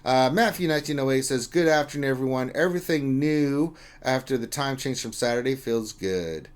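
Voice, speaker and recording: A man co-hosting a laid-back gaming livestream at an ordinary middle pitch. He reads viewer greetings aloud and banters loosely, with some mild swearing. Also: a little fast. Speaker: livestream co-host. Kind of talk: casual livestream chat, reading viewer comments.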